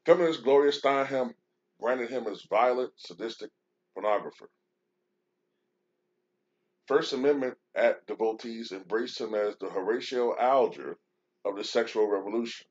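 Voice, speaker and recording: A man's voice: mid-range voice, moderate pace, long pauses. A man hosting a show, talking casually and reading out a news article, with many fillers and restarts. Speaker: show host. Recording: dull lo-fi sound.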